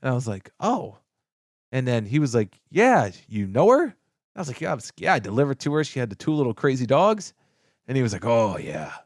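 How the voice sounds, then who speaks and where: This male podcast co-host talks rapid-fire, telling a story in loose, profane conversation. He gets animated, performing the people he quotes with large pitch swings; the sound is clean studio audio with no room sound.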